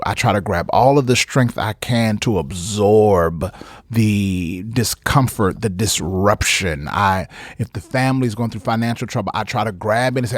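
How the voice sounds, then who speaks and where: A man's voice: on the low side, expressive, moderate pace, no echo, studio quality. A man pastor delivering an emphatic podcast sermon, repeating phrases and breaking into casual asides. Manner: emphatic, repetitive, preacherly with conversational asides.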